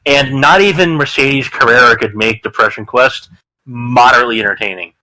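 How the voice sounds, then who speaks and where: A man's voice: mid-range voice, brisk, bright, forceful tone, low-quality recording. A man in a casual podcast chat who talks bluntly and sarcastically and swears freely.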